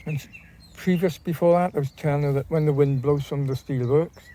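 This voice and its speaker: A man's voice: fairly high pitch, steady tone, fairly quick, dark tone, slight background noise. A man vlogging in a casual, rambling way, often repeating and restarting his phrases. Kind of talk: casual talk to camera.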